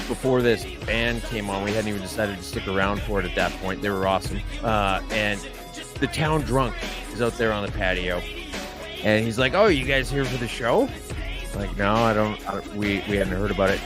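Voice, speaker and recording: A man co-hosting a podcast, telling a long rambling story in a casual, deadpan joking way. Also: lowish voice. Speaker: podcast co-host.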